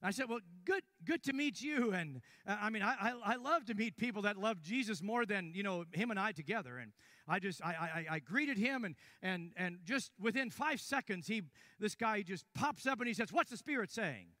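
An older male preacher tells a story from the pulpit, dropping low and quiet and then breaking into sudden loud bursts. His voice sits a little high for a man. The sound is dry and close. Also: animated, fairly quick, no echo. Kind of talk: sermon.

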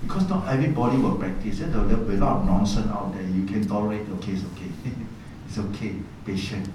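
A middle-aged man gives a dharma talk as a Buddhist monk. He tells lively stories in colloquial speech and laughs often. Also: on the low side, fast talker. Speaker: Buddhist monk teaching meditation. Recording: very echoey hall, distant mic, background noise.

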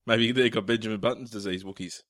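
A man co-hosting a podcast in casual chat, joking, swearing freely and tossing in quick asides. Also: lowish voice, steady tone, a bit bright, dry recording, studio quality. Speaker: podcast co-host.

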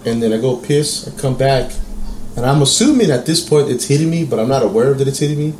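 A man's voice: mid-range voice, quick pace, a little hiss or hum. Guy telling a wild story on a podcast, acting out voices, lots of swearing, roomy echo. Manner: animated, profane, acts out quotes. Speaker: podcast co-host. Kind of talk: casual storytelling chat.

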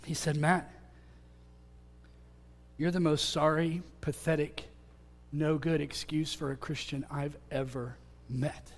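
A man preaching, telling an earnest personal testimony that swings between loud calls and hushed moments. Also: fairly high pitch, flat delivery, slow pace, pauses often. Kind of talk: sermon testimony. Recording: long hall reverb.

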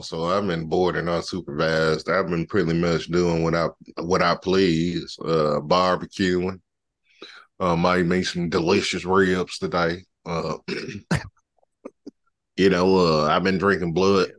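A man's voice: sits low, slow pace, a bit bright. A man co-hosting a podcast, talking in a drawling, folksy way with stammered restarts. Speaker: podcast co-host. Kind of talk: casual chat.

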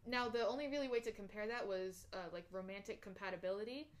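A woman's voice: mid-range voice, quick pace. A young woman co-hosting a podcast, chatting casually and reading personality test results aloud. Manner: reads aloud with fillers and restarts, laughs easily. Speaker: podcast co-host.

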